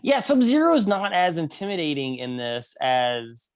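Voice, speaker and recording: Man, podcast co-host, casual chat, joking asides, slightly high voice, dry close sound. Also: very animated, moderate pace, smooth, dry recording. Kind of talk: casual film review chat.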